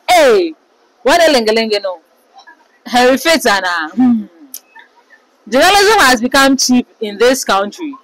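A woman with a Ghanaian accent runs through celebrity gossip in a casual, animated way. Her voice sits a little high. She throws herself into the quotes and comments she reads out. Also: measured pace, long pauses, low-quality recording. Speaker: entertainment commentator.

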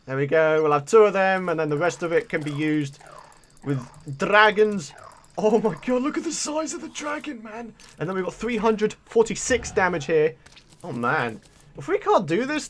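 A young man giving chatty, excitable commentary as he plays through a game, often breaking into exclamations. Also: high voice. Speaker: let's play host. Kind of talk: gameplay commentary.

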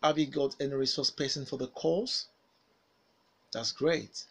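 A man teaching phonics, saying single words and sentences slowly and carefully for learners to repeat. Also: mid-range voice, gravelly, a bit bright, slightly rough, rough recording. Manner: slow, carefully enunciated single words with pauses for repetition. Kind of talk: pronunciation drill lesson.

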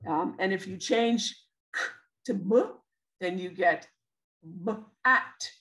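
A woman's voice: medium pitch, slow, a bit bright, low-quality recording. A woman with a Canadian accent presenting a literacy webinar, explaining step by step with many fillers and restarts. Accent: Canadian English.

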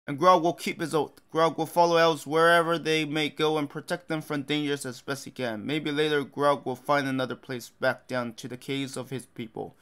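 A man's voice: fairly high pitch, steady tone, normal speed, hardly any pauses, a bit bright, smooth, natural voice. A man voicing a loyal, humble male troll who talks in broken speech and calls himself by name. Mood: earnest.

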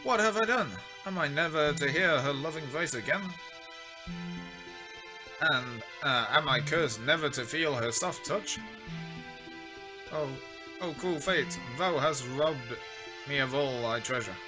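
Man playing a pompous stage king, mock-old English, slow delivery, game music behind. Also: fairly high pitch, voice pushed up, close to an everyday voice. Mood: grieving.

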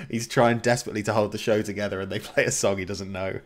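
A male streamer chatting casually while gaming and laughing often. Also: on the low side.

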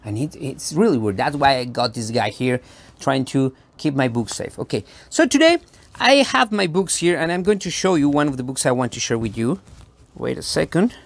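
Lively, gravelly children's performer. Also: mid-range voice, moderate pace. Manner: teasing, makes a show of suspense; talks directly to an unseen audience. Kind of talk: playful storytelling to children.

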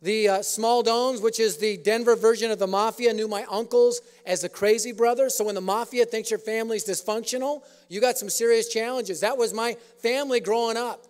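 High-voiced preacher in an echoing hall. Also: male voice, steady tone, brisk, few pauses, clean tone. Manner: humorous storytelling. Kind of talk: sermon. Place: auditorium. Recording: echoey auditorium.

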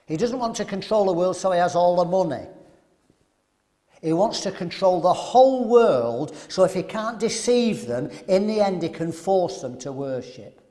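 A man preaching at a men's seminar, animated and throwing rhetorical questions to the audience. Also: high-pitched, moderate pace.

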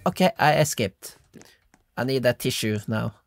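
A woman giving excitable let's-play commentary, yelping and giggling as she plays. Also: very deep voice, moderate pace, soft background music. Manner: excitable, yelps and giggles while playing. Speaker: gamer.

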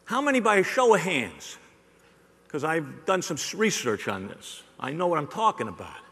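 A man's voice: a little high, big pitch swings, moderate pace, fairly bright tone. A middle-aged man giving a joking, rhetorical live sales keynote to an audience in a large hall. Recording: long hall reverb.

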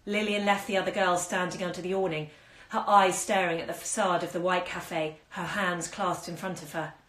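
A woman's voice: fairly low pitch, steady tone, normal speed, fairly bright tone. A woman reading a short story aloud at home, giving the dialogue small acted turns. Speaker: bookshop owner reading aloud. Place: indoors at home during lockdown. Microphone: phone on a live stream. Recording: echoey room on a phone stream.

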